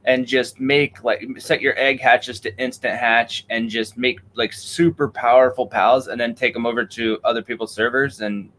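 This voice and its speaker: A man's voice: mid-range voice, normal speed, few pauses, slight background noise, low-quality recording. A man in casual podcast chat, talking animatedly and acting out little exchanges as he explains. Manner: animated, acts out quoted exchanges.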